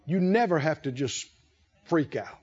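A man preaching a sermon as pastor, emphatic and repetitive, building key phrases to shouts. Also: a little high, lively intonation, unhurried, lo-fi sound.

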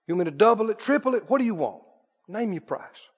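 A man voicing a smooth male king who makes bribe offers in a low, hushed, wheedling tone. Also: very animated, quick pace, big-room sound, dull audio, full character voice.

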